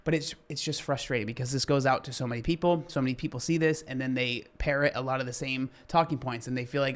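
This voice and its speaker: Man, mid-pitch, earnest reaction-video host who gets heated about fitness, then reins it in. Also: fairly even intonation, fast talker, hardly any pauses. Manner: earnest, gets worked up and apologetic. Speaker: fitness commentator reacting to a clip. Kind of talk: casual reaction commentary.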